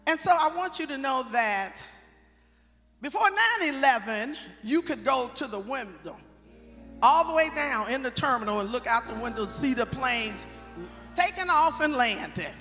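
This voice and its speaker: A man's voice: very high voice, expressive, moderate pace, bright, forceful tone. A man giving a eulogy for his mother in a sing-song, chanted preaching cadence. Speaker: eulogist, son of the deceased. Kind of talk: sung whooping sermon over organ. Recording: live church with organ music. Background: church organ.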